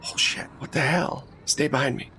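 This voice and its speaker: A man's voice: medium pitch, fairly even intonation, moderate pace, sharp tone, natural voice. A rattled, foul-mouthed criminal partner, as a man voices him in a tabletop game. He talks bluntly in an ordinary mid-range voice. A faint hiss sits behind him. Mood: shaken. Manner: swears heavily, blunt.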